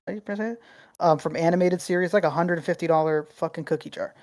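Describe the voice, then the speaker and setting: A woman co-hosts a laid-back podcast in a lowish voice and tells rambling stories full of swearing. She talks with lots of energy and many asides. The sound is dry and close to the mic. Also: fast talker, dry recording. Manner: profane, rambling, animated storyteller. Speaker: podcast co-host. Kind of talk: casual chat, storytelling.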